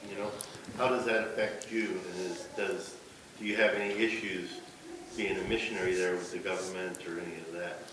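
Distant low-voiced man in an echoey room. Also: level tone, background noise. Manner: halting, restarts his question. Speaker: audience member asking a question.

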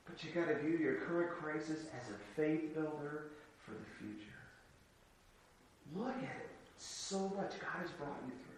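A man preaching a sermon, moving from soft asides to shouted exclamations, telling stories with humor. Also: on the high side, expressive, moderate pace, slight background noise. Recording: echoey hall, from far off.

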